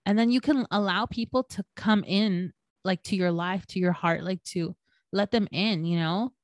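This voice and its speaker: A woman's voice: mid-range voice, moderate pace, no room sound. A young woman co-hosting a podcast, telling stories in a casual chat full of fillers and swearing. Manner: swears freely, storytelling with lots of fillers. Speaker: podcast co-host.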